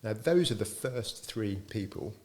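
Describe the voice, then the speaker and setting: A man's voice: fairly low pitch, unhurried. A middle-aged man, a business founder, tells anecdotes in an interview and acts out the dialogue in them. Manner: lively storyteller who acts out quoted dialogue.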